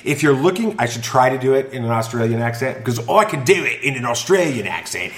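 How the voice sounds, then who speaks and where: A man's voice: mid-range voice, animated, a little fast. A man hosting a casual family podcast, joking around and reading listener reviews aloud. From Southern California. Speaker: podcast host. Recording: roomy echo.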